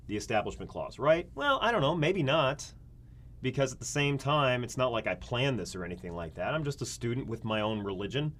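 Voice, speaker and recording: A man teaching a college government class, talking casually, asking his students rhetorical questions and acting out little scenes. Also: medium pitch. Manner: conversational, asks rhetorical questions, acts out scenarios. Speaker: community college government instructor. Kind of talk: recorded classroom lecture.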